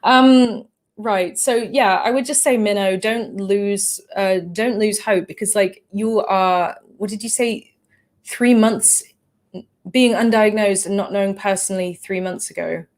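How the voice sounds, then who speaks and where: Hosting a laid-back livestream Q&A, an Englishwoman answers chat comments with plenty of fillers, restarts and apologies. Her English accent has shifted slightly from living in the Netherlands, and her mid-range voice stays steady and unhurried.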